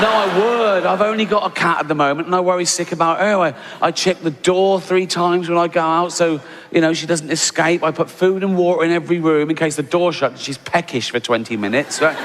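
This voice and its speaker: A man's voice: a little high, a little fast, hardly any pauses, long reverb tail. A man doing a stand-up routine, sarcastic and profane, with mock exasperation. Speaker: stand-up comedian. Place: live comedy stage. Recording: live stage recording with loud background noise.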